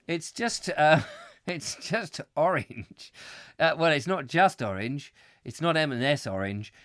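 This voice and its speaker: A man's voice: fairly high pitch, expressive, measured pace, a bit bright, no room sound, clean studio sound. A man hosting a live comic chat show, rambling and ranting with frequent giggles. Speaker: host.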